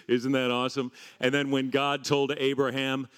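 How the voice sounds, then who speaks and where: A man's voice: medium pitch, normal speed, hardly any pauses, fairly bright tone. A man preaching a sermon in a jovial teaching tone, often laughing as he goes.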